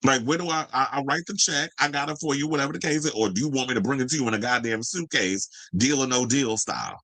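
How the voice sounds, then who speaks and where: Male pop culture commentator, sarcastic and profane, bright voice, dry booth sound. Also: mid-range voice, quick pace, no echo, rough recording. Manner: sassy, profane, sarcastic, mocking. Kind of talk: ranting commentary video.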